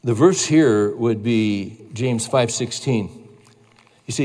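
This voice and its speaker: A man's voice: medium pitch, slow pace, a little mellow. An earnest male pastor preaches to a gathered congregation, his emphatic delivery rising in force as he presses his point. His voice rings out with a long hall reverb behind it. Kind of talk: sermon.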